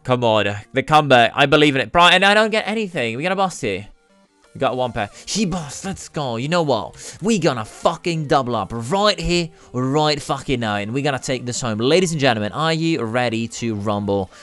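A man's voice: mid-range voice, lively intonation, moderate pace. Hyped, cursing man over game music. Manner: hyped, swears a lot, swings from yelling to groaning. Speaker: gaming YouTuber. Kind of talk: excited gameplay commentary.

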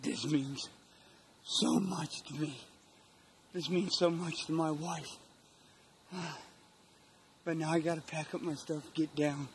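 Breathless, emotional middle-aged man, hushed. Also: a little high, fairly even intonation, takes it slowly, pauses often, a little hiss or hum. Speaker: bow hunter. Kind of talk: hushed hunting vlog commentary. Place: outdoors in woods, up in a hunting stand.

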